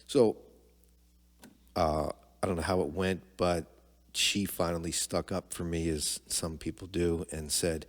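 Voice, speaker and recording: A man's voice: low-pitched, fairly even intonation, measured pace, long reverb tail. A middle-aged man telling a personal story to his son on a podcast, candid and conversational, acting out the quoted dialogue. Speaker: podcast guest, father of the host.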